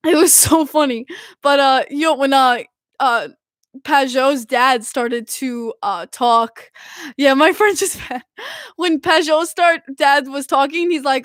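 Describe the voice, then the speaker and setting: A young woman hosting a hockey podcast, excitable and giggly, rambling with frequent restarts like a self-declared fangirl. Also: high-pitched, takes it slowly, no echo, studio quality. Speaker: podcast host. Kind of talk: casual chat.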